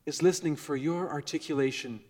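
Earnest pastor preaching in a reverberant church. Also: male voice, on the high side, brisk. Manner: earnest, varies volume, drops to soft near-whisper on key words. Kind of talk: sermon. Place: church sanctuary.

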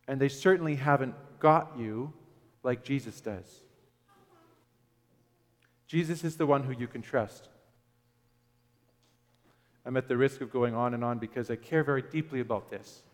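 A man preaching a sermon in a conversational way, often asking his listeners questions. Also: fairly high pitch. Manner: conversational, asks the audience questions, some "uh" fillers. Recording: long hall reverb.

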